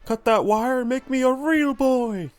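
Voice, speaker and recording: A man's voice: very high voice, unhurried, clear, resonant tone, voice pushed up. Man putting on Spamton, a frantic puppet salesman. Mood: elated. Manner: excitable, pushy salesman patter. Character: frantic male puppet salesman, scheming and grandiose.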